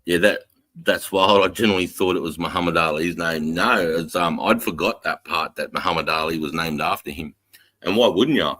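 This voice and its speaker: A man with an Australian accent hosting a casual reaction chat, loud and sweary, laughing as he banters. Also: deep voice, fairly quick. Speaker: streamer host.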